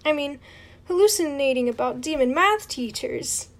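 A woman's voice: high-pitched, animated, normal speed. A woman reading a storybook aloud and voicing a nervous, stammering teenage boy satyr. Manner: jittery, stammering, pleading.

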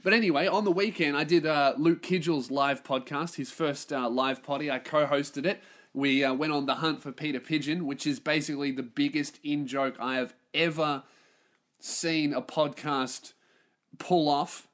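A man's voice: on the high side, steady tone, normal speed, fairly bright tone. A man hosting a solo podcast, ranting in a sweary, self-mocking way. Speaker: podcast host.

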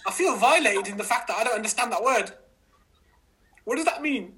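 Fields: Man. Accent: Cambridgeshire. Pace: quick. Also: very high-pitched, lively intonation. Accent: Cambridgeshire English. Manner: warmly agreeing, playful mock confusion. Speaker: podcast host. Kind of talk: casual chat.

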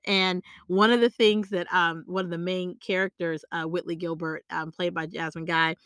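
A woman's voice: fairly low pitch, steady tone, normal speed, fairly bright tone, smooth, no room sound, studio quality. A woman coaching on salary negotiation in a motivational, emphatic way. She repeats her key points and keeps checking in with the listener. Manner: emphatic, repeats key phrases, frequent tag questions. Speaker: career coach.

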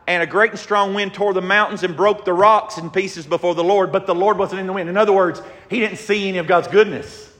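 A man preaching a sermon with emphasis, swinging from shouts to very quiet passages. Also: moderate pace, distant mic. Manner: emphatic, rising to shouts then dropping very low. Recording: echoey hall with long reverb.

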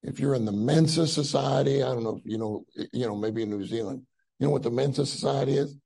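A man's voice: medium pitch, quick pace, gravelly, mellow, breathy edge, low-quality recording. A man preaching a conference sermon in a conversational way, with many fillers and rising emphasis on key phrases.

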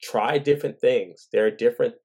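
A man hosting his own show, talking earnestly and gently in a casual reflective monologue, thinking aloud as he goes. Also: medium pitch, fairly quick, slightly rough. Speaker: father and podcast host.

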